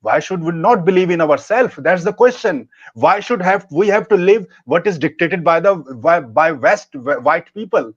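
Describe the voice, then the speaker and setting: An impassioned man speaks as a guest in casual chat, emphatic and full of restarts. His voice sits fairly high for a man. The recording is muffled and lo-fi. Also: lively intonation, normal speed, hardly any pauses, slightly rough. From India. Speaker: guest, dating coach. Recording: muffled lo-fi audio.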